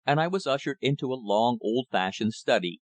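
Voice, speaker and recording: A man reading an audiobook as narrator in a measured, steady manner. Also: mid-range voice, no room sound.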